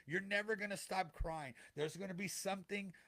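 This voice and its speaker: A middle-aged man speaks with a fairly high voice, earnest and a little preachy. He repeats key phrases to drive them home. It sounds like heartfelt motivational talk from a co-host. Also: moderate pace, gravelly, fairly bright tone. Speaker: podcast co-host.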